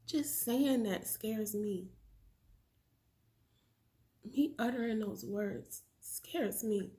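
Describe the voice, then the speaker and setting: A woman in her thirties speaking in an emotional confessional vlog, soft and halting, at times whispering and close to tears. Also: medium pitch. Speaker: family vlogger.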